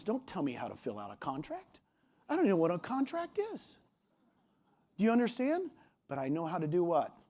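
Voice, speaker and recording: A man speaks from a conference stage in a high, bright register. His delivery is punchy and emphatic, and he jumps up in pitch whenever he quotes someone else. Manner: punchy and emphatic, often quoting others in a raised voice. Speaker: motivational speaker at a real estate conference. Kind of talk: energetic stage talk. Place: large conference hall.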